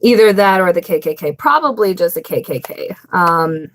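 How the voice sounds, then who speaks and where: A woman's voice: lowish voice, animated, normal speed. A young woman hosting a casual live stream, chatting bluntly with viewers, swearing freely and laughing often.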